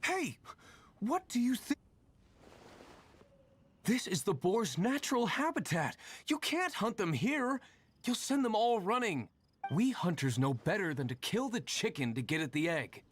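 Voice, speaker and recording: A woman's voice: mid-range voice, big pitch swings, a little slow, slightly rough. An actress voicing a stern adult female hunter who speaks in a firm, scolding way.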